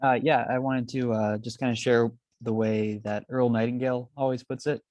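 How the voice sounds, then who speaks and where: A man's voice: mid-range voice, level tone, normal speed, a little mellow, dry recording. A man taking part in a coaching video call, speaking casually and hesitantly with frequent "uh"s. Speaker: call participant. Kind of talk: casual chat.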